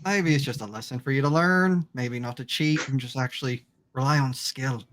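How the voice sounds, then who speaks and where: A man's voice: medium pitch, normal speed, fairly bright tone. A man playing his character in a tabletop game, speaking in a laid-back, dry way. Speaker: player.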